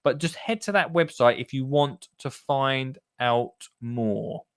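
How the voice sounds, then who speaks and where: A man's voice: mid-range voice, slow, smooth, no room sound, studio quality. A man hosting a gardening podcast in a chatty, jokey way, rambling with lots of fillers. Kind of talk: casual chat.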